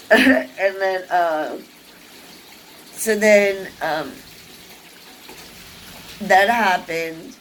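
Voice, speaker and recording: A woman's voice: mid-range voice, drawn-out words, pauses often, slight background noise, low-quality recording. Rambling woman telling a personal story. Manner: rambling, many fillers and restarts; lively, acts out quoted people. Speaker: vlogger.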